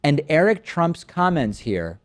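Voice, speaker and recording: A man's voice: a little high, big pitch swings, measured pace. A man in his thirties hosting a political commentary show, reading out quotes with mocking, sarcastic emphasis.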